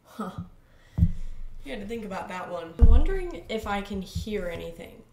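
A woman's voice: mid-range voice, sing-song, moderate pace. A young woman in her twenties vlogging in a playful, giggly way and reading chatbot replies aloud. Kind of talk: casual comedic commentary. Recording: echoey room with noise and keyboard typing.

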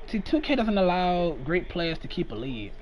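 A man giving casual, excitable commentary while playing a basketball video game. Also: high-pitched, moderate pace, poor audio. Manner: excitable, shouts and laughs at plays. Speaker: gaming commentator.

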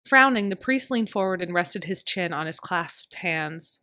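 Low-voiced woman narrating an audiobook. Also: animated, sharp tone, dry recording, studio quality. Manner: measured, storytelling. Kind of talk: first-person audiobook narration.

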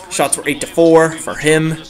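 A young man giving excitable live commentary on his own video game match, groaning and cheering at each play, his throat a bit dry. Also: a little high, slow, gravelly. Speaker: gaming channel host.

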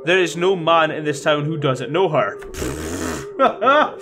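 Lively man commenting a game. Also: a little high, unhurried. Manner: casual, swearing, reads game text aloud. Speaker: gaming video host. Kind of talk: let's-play commentary. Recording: home recording with clear background noise.

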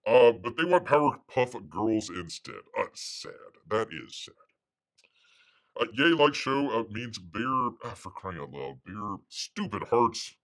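A man hosting a casual livestream, rambling and halting as he calls himself by a nickname in the third person. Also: fairly low pitch, very animated, fairly bright tone. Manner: halting, full of fillers and restarts. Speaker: livestream host.

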